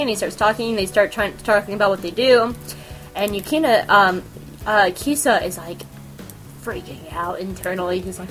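Animated, giggly woman podcast host. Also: mid-range voice, moderate pace, faint music behind. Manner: animated, giggly, profane fangirl gushing. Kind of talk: casual chat.

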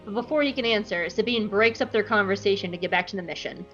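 A woman hosting a podcast, recapping an episode in an animated, profane, jokey way on a close mic. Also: medium pitch, fast, highs cut off, faint music behind. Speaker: podcast host.

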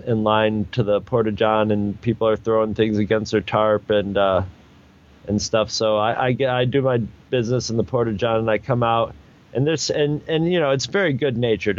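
A man's voice: medium pitch, lo-fi sound. A man telling a long casual anecdote, rambling and restarting often, and acting out other people's lines. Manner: rambling, with many restarts and fillers; acts out other people's lines in raised voices. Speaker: storyteller guest.

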